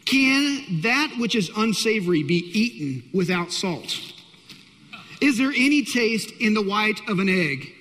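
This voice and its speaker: A male pastor with a high-pitched voice preaches with emphatic, repetitive phrasing, talking straight to his congregation. His voice rings out in a church hall with a long, lingering reverb. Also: expressive, unhurried, pushed and bright. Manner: emphatic, repeats key phrases, direct address to congregation. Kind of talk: sermon.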